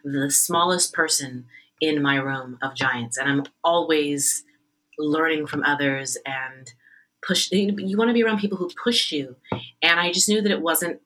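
A woman's voice: low-pitched, low-quality recording. A woman opera singer as interview guest, telling stories animatedly and acting out the voices of others. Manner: animated storyteller, acts out quoted voices. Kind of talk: conversational interview storytelling.

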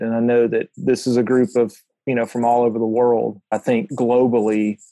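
A man with a low, dark voice speaks earnestly, halting and restarting as he shares a vision. His tone stays flat and even, recorded close and dry. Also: no room sound, rough recording. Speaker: participant in a prayer call. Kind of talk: reflective sharing.

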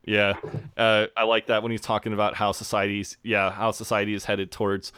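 Sweary, smooth-voiced male podcast co-host. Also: fairly low pitch, monotone, brisk, pushed and bright. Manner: sweary, chatty, retells scenes with relish. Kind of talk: casual recap chat.

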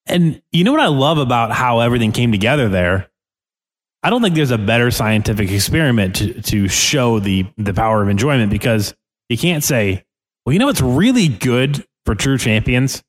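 A man co-hosting a casual chat and making wry, lively remarks. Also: mid-range voice, normal speed.

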